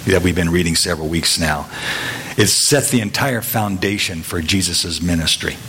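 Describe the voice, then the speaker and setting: A middle-aged man giving a conversational sermon, telling homely stories in a halting way with many fillers and restarts. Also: low voice, fairly bright tone, a little hiss or hum. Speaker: preacher.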